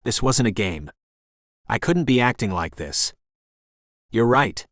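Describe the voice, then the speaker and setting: Low-voiced man narrating an audiobook. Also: very animated, unhurried, no echo, studio quality. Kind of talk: first-person scripted narration.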